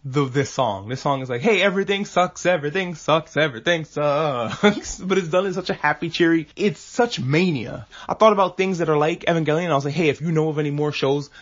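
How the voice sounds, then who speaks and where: A man hosting a podcast, recapping an anime film in casual, animated talk and briefly acting out characters' lines. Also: on the high side. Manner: animated, acts out characters' lines in quick asides, swears casually. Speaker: podcast host. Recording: dull lo-fi podcast audio.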